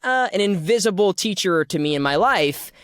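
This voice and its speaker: A man's voice: sits high, animated, normal speed, a bit bright, smooth, dry recording, studio quality. A man hosting a podcast interview, speaking earnestly and at length, with restarts. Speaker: podcast host. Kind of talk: conversational interview.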